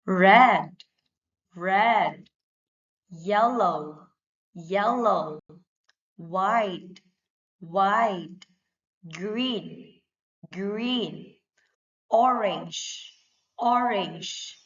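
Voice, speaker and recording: A woman leading a young children's English lesson, saying each word or phrase twice in a clear drill style. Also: medium pitch, extremely slow, long pauses, fairly bright tone, highs cut off.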